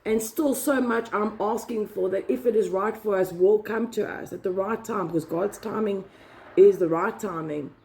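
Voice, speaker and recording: A woman's voice: medium pitch, moderate pace, gravelly, darkish tone. A woman giving a casual devotional talk, earnest and emphatic, repeating key words. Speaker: Christian vlogger.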